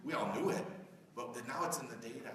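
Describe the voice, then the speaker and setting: A man's voice: mid-range voice, fairly quick, fairly bright tone. A middle-aged man giving a conversational conference keynote, often asking the audience questions. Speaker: keynote speaker. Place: large conference hall. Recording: echoey hall recorded from far off.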